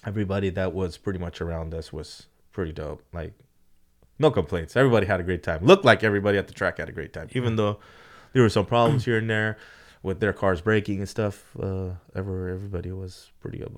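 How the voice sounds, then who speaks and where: A man chatting casually about racing, rambling with lots of "you know" and swearing, getting animated when he retells a story. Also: low voice, fast talker. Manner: animated when retelling, voice jumps up for quoted lines. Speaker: drag racing team owner. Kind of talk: casual podcast chat.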